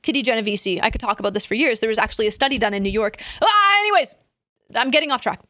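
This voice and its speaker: A young adult woman streaming, chatting casually in a rambling, animated way that trails off into asides. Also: fairly high pitch, fast, no echo, studio quality. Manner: rambling, animated, self-interrupting with laughs. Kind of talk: casual chat.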